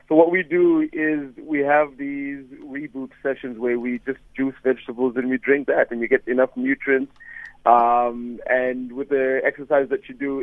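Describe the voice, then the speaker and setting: A man's voice: medium pitch, dry recording. A man in his thirties, an actor interviewed over the phone, talking in a playful, teasing way. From South Africa. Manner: playful and teasing, often laughing. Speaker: actor guest. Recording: tinny phone line.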